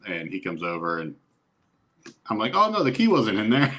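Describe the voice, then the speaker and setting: Profane, lively middle-aged storyteller. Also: male voice, lowish voice, moderate pace. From Youngstown area, Ohio, USA. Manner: animated storyteller who swears and acts out quotes. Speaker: podcast guest. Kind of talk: casual podcast chat.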